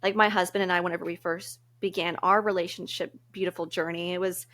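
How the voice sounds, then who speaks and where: A woman's voice: fairly low pitch, fairly even intonation, quick pace, a bit bright. Earnest woman giving casual advice. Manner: earnest and reflective, laughs easily. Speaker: podcast co-host.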